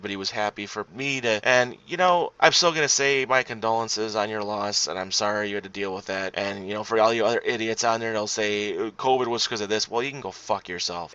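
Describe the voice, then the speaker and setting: A man's voice: mid-range voice, bright, forceful tone. A man from Indiana hosting a podcast, ranting at trolls with lots of swearing in a casual monologue. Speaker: podcast host. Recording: dull lo-fi dry recording.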